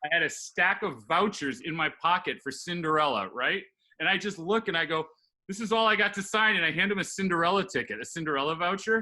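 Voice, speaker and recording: A man from New York tells a story with animated energy and acts out the voices in it. His voice is bright and forceful and sits a little high. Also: fast talker. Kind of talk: casual chat, storytelling.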